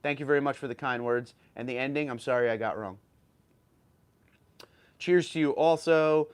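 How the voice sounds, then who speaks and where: Reading chat messages aloud and responding on a casual livestream, a New York man in his thirties talks with a medium-pitched, clean-toned voice at normal speed. He's chatty but a bit tired, stumbling over his words from time to time.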